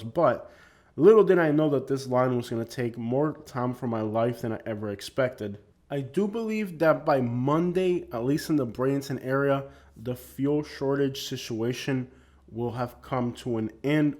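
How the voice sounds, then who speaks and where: A man talks through his own vlog footage in a loose, unscripted way. He rambles and gives his opinions freely, and he often stops to restart a sentence. His voice sits at an ordinary, mid-range pitch for a man. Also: darkish tone. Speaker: vlogger. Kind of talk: casual vlog narration over driving footage.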